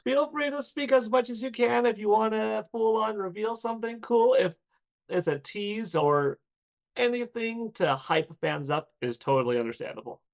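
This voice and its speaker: A male interviewer asks long, rambling questions in a relaxed, chatty manner. His voice is a bit high with a gravelly fry. The sound is dull and lo-fi. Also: normal speed. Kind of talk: casual online interview.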